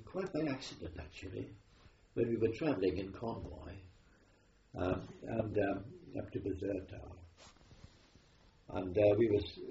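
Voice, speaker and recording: In a low, creaky voice with a dark tone, an elderly man from Wales recalls his war experiences for an oral history, speaking with a Welsh accent and often stumbling with ums and fresh starts. It's captured on dull, roomy tape with faint hiss.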